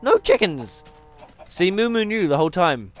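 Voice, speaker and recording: A man's voice: high-pitched, very animated, normal speed, a little hiss or hum. Tired, chatty young man. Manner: chatty, playful, talks to the animals in the game. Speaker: gaming YouTuber. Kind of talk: casual let's-play commentary.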